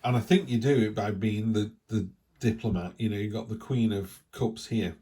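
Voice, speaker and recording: A man's voice: fairly low pitch, steady tone, normal speed, mellow. A middle-aged man with an English accent giving a casual, rambling weekly tarot reading, breaking off now and then to cough. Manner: chatty, rambling, with asides. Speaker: tarot reader.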